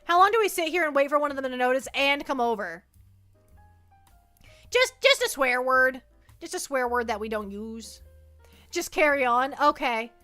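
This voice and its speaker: A woman streamer chatting casually on a livestream, excitable and giggly, often stammering and restarting. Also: sits high, normal speed, pauses often, soft background music. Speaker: VTuber streamer.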